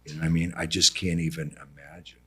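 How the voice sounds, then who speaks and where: A middle-aged American man telling family stories as a podcast guest in a casual, animated way. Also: fast talker, husky. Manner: animated, mimics his mother in a high voice. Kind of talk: casual storytelling.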